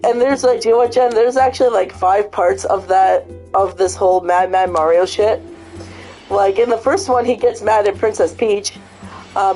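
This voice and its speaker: A woman hosting a casual vlog, cursing freely as she tells an animated story. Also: medium pitch. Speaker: vlog host. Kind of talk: casual chat and retelling.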